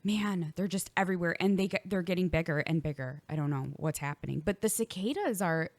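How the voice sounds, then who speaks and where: Lively woman chatting, dry sound. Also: on the low side, brisk, no echo. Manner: animated storyteller, laughs often. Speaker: podcast co-host. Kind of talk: casual chat. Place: finished home basement studio.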